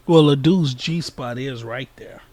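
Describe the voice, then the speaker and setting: A man's voice: medium pitch, a little slow, a little mellow, no echo. A man co-hosting a podcast, chiming in with dry, crude one-liners in casual banter. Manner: dry one-line quips between the other host's story. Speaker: podcast co-host.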